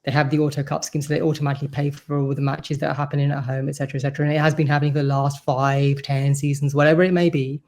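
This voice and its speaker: A man's voice: fairly high pitch, level tone, racing, few pauses, darkish tone. A man, a supporters' representative, talking earnestly and at length as a guest on a podcast. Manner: earnest, talkative, explains at length. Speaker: supporters' board vice-chair, podcast guest. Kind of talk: casual podcast chat.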